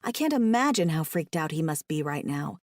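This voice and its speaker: Expressive young woman narrating a romance audiobook. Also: normal speed, no echo, studio quality. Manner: emotive, voices the heroine's panic in a higher pitch.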